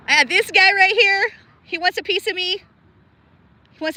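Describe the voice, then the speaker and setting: A woman's voice: very high-pitched, normal speed, long pauses, sharp tone. A woman livestreaming from a cold river outdoors, chatting casually with viewers by name and laughing often, shivering with cold. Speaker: livestream host.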